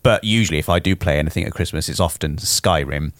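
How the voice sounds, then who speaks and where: A British man co-hosting a casual podcast, relaxed with a dry sense of humor. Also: very deep voice, quick pace, dry recording. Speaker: podcast co-host.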